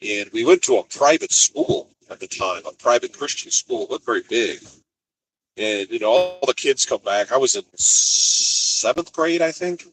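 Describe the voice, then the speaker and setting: A man's voice: medium pitch, very animated, a little slow, a bit bright, a little hiss or hum, rough recording. A man from Colorado who drives a truck, telling rambling stories in a chatty, casual vlog and laughing easily. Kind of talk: casual storytelling.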